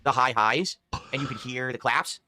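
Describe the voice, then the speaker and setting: A content creator talks to his viewers about his new microphone, explaining it in a defensive, rambling way. He has a mid-range voice, speaks at a normal speed, and there's background noise in the recording.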